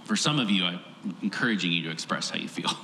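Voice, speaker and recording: A man's voice: low voice, animated, fast talker, vocal fry, pushed and bright. A male pastor delivers a sermon in an earnest, emphatic way, building on repeated phrases. His mid-range voice rings through a roomy church hall with a long reverb. A faint hum of the room sits behind him.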